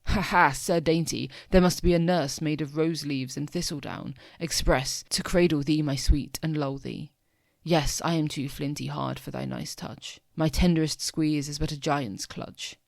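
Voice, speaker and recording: A man's voice: on the high side, unhurried, creaky, no room sound. A young man reading the part of a cruel sorceress goddess, taunting in mock-tender verse.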